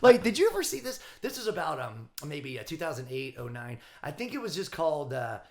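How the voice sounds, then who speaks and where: Male comedian, slightly high voice, chatty storyteller. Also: fairly quick, gravelly. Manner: animated storyteller, acts out quoted voices. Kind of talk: casual podcast chat.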